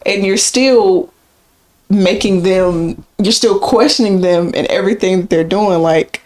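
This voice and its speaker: Young woman cohost, candid casual podcast chat, talks fast sometimes. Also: medium pitch, darkish tone. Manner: candid, chatty, laughs easily, sometimes rushes. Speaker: podcast co-host.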